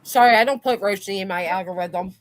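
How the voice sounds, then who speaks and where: A woman's voice: mid-range voice, fairly quick, dry recording. A woman hosting a livestream, chatting casually and swearing freely. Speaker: stream host. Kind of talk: casual chat.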